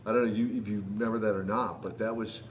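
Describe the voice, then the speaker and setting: A man's voice: on the low side, fairly even intonation, fast, slight background noise. A man in his sixties, a retired wrestler chatting as a guest on a live signing stream, laughing often and greeting fans. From United States. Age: 60s. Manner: laughs often, warm shout-outs to fans. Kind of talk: casual chat.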